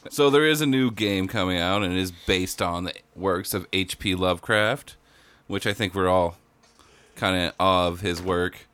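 A man's voice: low-pitched, moderate pace, a bit bright, smooth, dry recording. A man co-hosting a casual podcast, laid-back and giggly, often trailing off mid-thought. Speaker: podcast co-host. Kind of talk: casual horror news chat.

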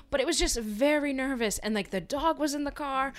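A woman's voice: sits high, a little fast. A woman co-hosting a podcast, telling a story in casual, profane chat and laughing often. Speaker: podcast co-host.

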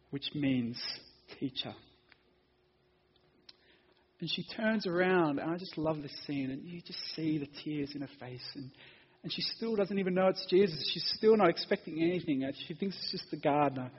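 Pastor, male, fairly high husky voice, emphatic then hushed sermon delivery, dull lo-fi sound with long church reverb. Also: moderate pace. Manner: expository preaching, building to emphatic peaks then dropping soft. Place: church sanctuary.

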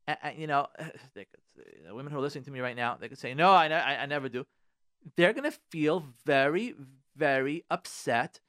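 A man's voice: a little high, no echo, clean studio sound. A man, a rabbi, giving earnest, direct marriage advice on a radio talk show and repeating phrases for emphasis.

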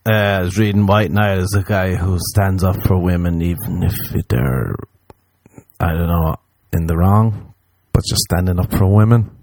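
A man's voice: low-pitched, normal speed, no room sound. A man casually telling a rambling, profane story, acting out what he and others said. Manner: rambling, profane, animated quoting of himself.

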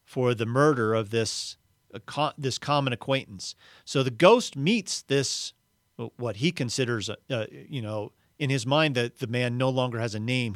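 A man gives a reflective Christian talk on his podcast, earnest and conversational with a few fillers. His voice sits at an ordinary pitch, and the sound is dry and close. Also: dry recording. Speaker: podcast host.

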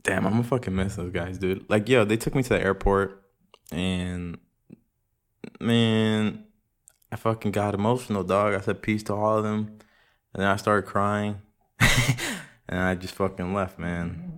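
A man's voice: lowish voice, fairly even intonation, measured pace, pauses often. A young man hosting a casual solo podcast, rambling in laid-back, profane slang. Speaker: podcast host. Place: room at home with audible room echo.

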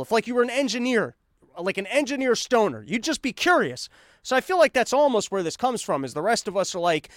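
A man's voice: high voice, sing-song, fast, dry recording, clean studio sound. A man hosting a podcast, delivering a sarcastic, rambling comedic monologue. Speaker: podcast host.

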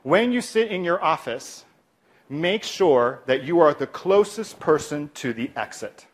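Teaching de-escalation from a clinician's perspective, this man speaks in a slightly high voice and takes his time. He's energetic, but he frequently softens to a gentle, calm delivery when demonstrating responses.

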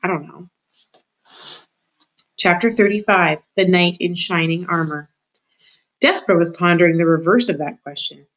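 A woman teacher reading a children's book aloud to her class, warm and expressive in her storytelling. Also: fairly low pitch, normal speed, low-quality recording.

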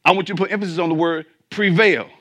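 A man preaching a sermon as pastor, swinging between emphatic peaks and quiet asides and asking the congregation questions. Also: fairly high pitch, fairly even intonation, very fast.

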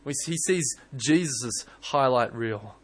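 A young man preaching a sermon in church, earnest and animated, often restarting his words. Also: medium pitch, slow pace. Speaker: pastor.

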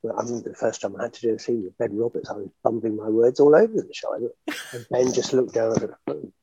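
An older actor reminiscing in an interview, telling animated stories with frequent laughter and fillers. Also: male voice, mid-range voice, quick pace, slightly rough, no room sound, lo-fi sound. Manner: chatty, animated storyteller, laughs often, many fillers. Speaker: actor guest.

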